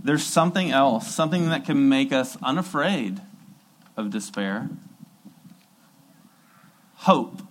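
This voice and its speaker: A man's voice: medium pitch, slow, long pauses, a little hiss or hum, low-quality recording. A man preaching a sermon in an earnest, emphatic way, repeating key phrases for weight.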